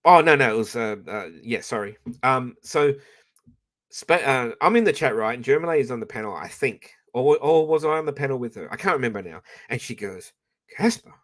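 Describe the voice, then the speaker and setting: A man's voice: medium pitch, lively intonation, brisk, fairly bright tone. A man hosting a livestream, chatting in a rambling, profane way with frequent restarts, on a professional microphone. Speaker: livestream host. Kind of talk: rambling live-stream chat.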